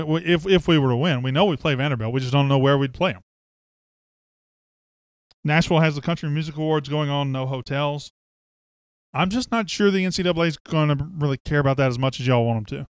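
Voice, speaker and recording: A man's voice: on the high side, brisk, dry recording, studio quality. A man hosting a casual sports podcast, reading listener comments aloud with a joking, chatty manner. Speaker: podcast host.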